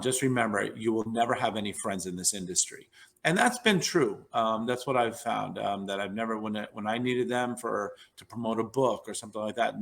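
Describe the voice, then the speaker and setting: A man's voice: fairly low pitch, gravelly. Rambling middle-aged man telling stories. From New York. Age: 50s. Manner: rambling, animated anecdotes with many fillers and restarts. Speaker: podcast guest, neurologist. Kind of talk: casual storytelling interview.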